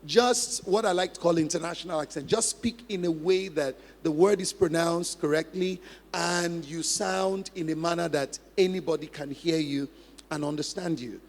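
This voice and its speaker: This time the pastor's voice runs a little high at normal speed as he laughs his way through a conversational teaching sermon, driving points home by repetition. Faint music and long reverb from the church hall surround him.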